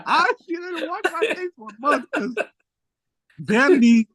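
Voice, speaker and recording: A man who is a musician guest, telling stories in a relaxed, slangy way and jumping high in pitch when excited. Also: measured pace, no room sound. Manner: animated storyteller, jumps high when excited. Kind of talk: casual storytelling interview.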